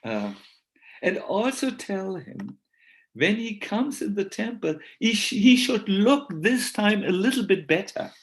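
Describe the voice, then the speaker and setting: A man voicing a kindly young Brahmin boy who gently reassures a crying devotee. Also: high-pitched, big pitch swings, unhurried, voice pushed up, full character voice, poor audio. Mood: reassuring.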